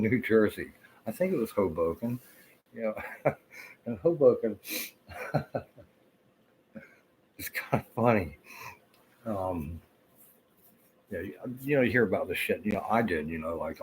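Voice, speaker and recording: A man's voice: low-pitched, darkish tone, slight background noise, rough recording. A man in his fifties with a Southern US accent, telling rambling, profane stories with lots of fillers. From Florida. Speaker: vlogger. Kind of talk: casual rambling storytelling.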